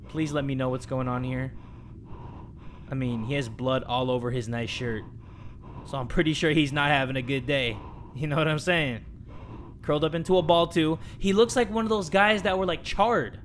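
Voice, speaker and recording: A young man commentating a horror game, excitable and jokey, dropping to a hush and then shouting. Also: fairly high pitch, a little hiss or hum. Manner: excitable, jokey, swings between hushed and shouting. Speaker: gaming commentator.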